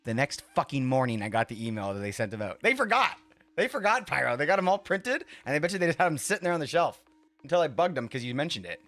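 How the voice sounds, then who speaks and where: A man's voice: on the high side, lively intonation, quick pace, a bit bright. A man chatting casually with his live-stream viewers while he builds in a game, rambling, laughing often and swearing freely.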